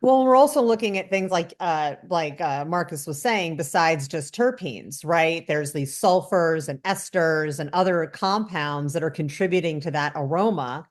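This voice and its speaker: A woman's voice: low-pitched, normal speed, few pauses. A woman guest on a casual podcast, explaining things and quoting others with animation. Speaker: guest cannabis educator.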